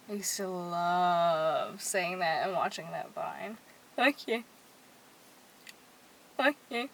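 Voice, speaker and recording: A woman's voice: mid-range voice, expressive, takes it slowly, fairly bright tone, a little hiss or hum, rough recording. A young woman vlogging casually to her viewers from a parked car at night, bubbly and chatty, sometimes dropping to a whisper. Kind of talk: casual rambling chat to viewers.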